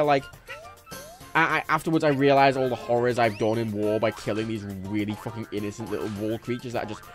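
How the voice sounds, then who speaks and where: A man's voice: mid-range voice, fairly quick. A young English man with a faint Liverpool twinge, rambling and swearing freely as he chats on a gaming livestream. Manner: rambling, swears freely, jumps between topics. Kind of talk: casual gaming livestream chat. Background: faint game music.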